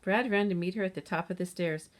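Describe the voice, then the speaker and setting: Female storybook narrator, steady, gentle read-aloud, lowish voice. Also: fast talker.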